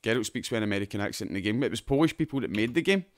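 Low-voiced sweary Scottish man. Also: lively intonation, very fast, no room sound, studio quality. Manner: sweary, laughing, banter-heavy. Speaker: podcast host. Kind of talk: casual gaming chat.

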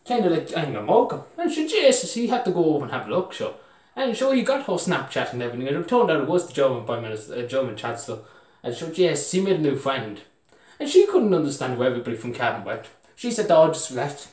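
Brief: young Irish man, lively up-and-down delivery, meandering comic yarn, roomy echoey room. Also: fairly high pitch, fast. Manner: meandering, full of fillers like "sure, Jesus", chuckles at his own jokes. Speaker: storyteller. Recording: roomy echo, mic far off.

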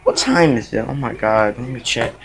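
A young man vlogging from a dark bedroom at night, swearing and exasperated as he hunts a bug in his clothes. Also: mid-range voice, moderate pace, creaky, background noise. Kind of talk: casual vlog commentary.

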